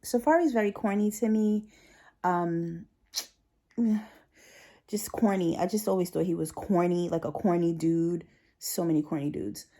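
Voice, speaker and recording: Chatty woman vlogger with a mellow voice. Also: on the low side, measured pace, pauses often. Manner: chatty, animated quoting of coworkers. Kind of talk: casual storytelling vlog.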